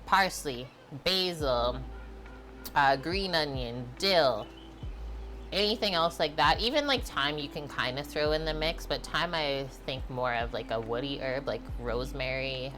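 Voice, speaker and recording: A woman's voice: deep voice, a bit bright. A woman hosting a live cooking stream, chatting casually with viewers and filling her talk with "like". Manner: chatty, answers chat, many "like" fillers.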